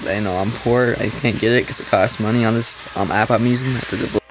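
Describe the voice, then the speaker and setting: A man's voice: lowish voice, steady tone, a little fast, noisy background. A man hosting a reaction video in casual commentary, rambling and mocking, with lots of "like" fillers. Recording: background music under voice. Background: background music.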